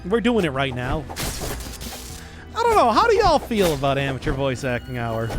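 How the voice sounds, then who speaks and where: A man's voice: medium pitch, huge pitch swings, normal speed. A man with a Midwestern accent giving casual, self-mocking commentary while streaming a game. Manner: rambling, self-mocking, lots of fillers and restarts. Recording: music playing behind.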